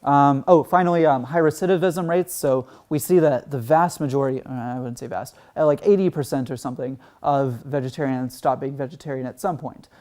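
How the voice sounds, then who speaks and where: A man's voice: mid-range voice, brisk, few pauses, a little mellow. A man from Texas giving an earnest conference talk, full of "um" and "like" fillers. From Texas, United States. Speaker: conference speaker.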